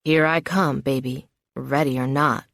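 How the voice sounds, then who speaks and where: A woman voicing a playful, teasing grown man, speaking low and hushed in an audiobook. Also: steady tone, measured pace, vocal fry, dry recording, studio quality, full character voice. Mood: mock-stern.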